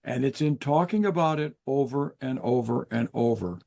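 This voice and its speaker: An older man, a guest author in an interview, explaining in an earnest, measured way with pauses. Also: medium pitch, creaky, darkish tone. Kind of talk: interview conversation.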